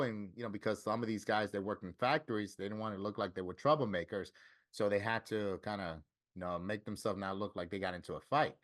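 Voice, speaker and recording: A man's voice: fairly low pitch, brisk. A middle-aged man from Florida, a tattoo artist telling stories in a casual interview and acting out the dialogue he quotes. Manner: lively storyteller who acts out quoted dialogue.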